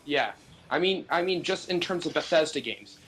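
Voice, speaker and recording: Young male podcast guest, a bit high-pitched, eager and opinionated. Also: lively intonation, normal speed, a bit bright, slight background noise. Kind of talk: casual podcast chat.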